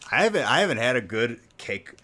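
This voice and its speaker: A man's voice: medium pitch, big pitch swings, fairly quick, bright, forceful tone. A man hosting a live stream, ranting in casual chat and saying "like" a lot. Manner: ranting, heavy use of "like". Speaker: stream host.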